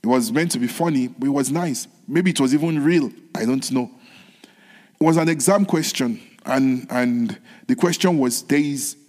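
Man preaching a sermon, earnest, repetitive, dropping to whispers, in a reverberant hall. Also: medium pitch. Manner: earnest, repeats phrases, moves between soft whispered lines and raised ones.

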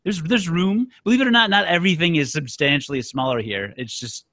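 A man's voice: fairly high pitch, fairly quick, a bit bright, dry recording. A man hosting a podcast, chatting casually and telling self-deprecating stories. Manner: dry, self-deprecating storytelling. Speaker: podcast host. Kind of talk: casual chat. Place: Chicago.

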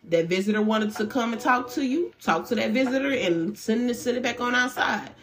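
A woman's voice: a little high, a little fast. Candid woman giving a tarot reading. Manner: animated and candid, with slang and swearing. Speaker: tarot reader. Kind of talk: casual spiritual reading.

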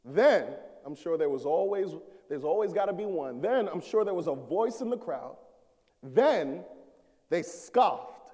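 A man preaching a sermon as an associate minister, swelling to shouts and dropping low. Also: big pitch swings, a little slow, big-room sound.

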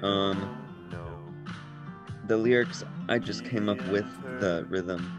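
Low-voiced man chatting over music. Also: slow. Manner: laid-back, rambling, trails off mid-thought. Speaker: songwriter discussing his album. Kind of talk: casual chat.

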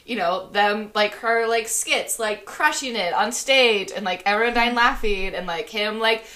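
A woman's voice: medium pitch, unhurried, sharp tone. A woman co-hosting a podcast, rambling through an improvised story with lots of fillers. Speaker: podcast co-host. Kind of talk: casual chat, improvising a story.

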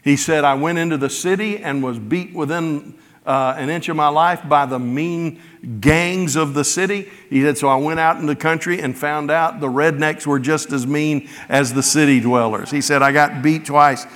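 A man's voice: fairly high pitch, steady tone, normal speed, fairly bright tone. A man preaching a sermon in a conversational way, retelling scripture in his own everyday words. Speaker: pastor. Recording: long hall reverb.

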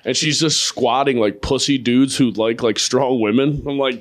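In a crude, casual podcast chat, a male comedian host tells stories and jokes packed with swearing. He keeps a steady tone in a mid-range voice at a moderate pace.

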